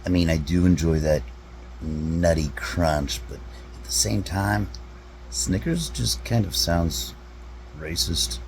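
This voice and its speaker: A man, a comedy vlogger, rambling through deadpan rhetorical questions with drawn-out pauses. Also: low voice, a little hiss or hum, rough recording. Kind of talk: deadpan musing monologue.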